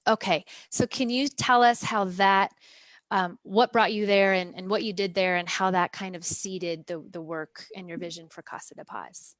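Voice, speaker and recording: A woman hosting a relaxed interview, speaking earnestly and pausing to find her words. Her voice sits at an ordinary middle pitch. The recording is dry, with no room echo. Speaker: interview host. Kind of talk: conversational interview.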